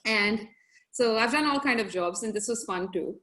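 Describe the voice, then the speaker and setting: A young adult woman, a podcast guest, telling stories in a casual, animated way and laughing often. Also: a little high, moderate pace. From grew up in several countries. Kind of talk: casual storytelling chat.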